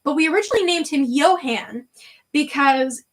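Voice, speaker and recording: A woman hosting a casual livestream chat, talkative and quick to laugh, trailing off with fillers. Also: high voice, lively intonation, low-quality recording. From Canada. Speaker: livestream host.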